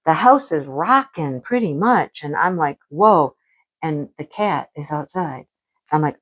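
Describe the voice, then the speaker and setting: A woman's voice: low-pitched, measured pace, dull audio. Chatty woman crafting vlogger at home. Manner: chatty and animated, acts out her own past remarks. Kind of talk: casual chat about crafts and home life.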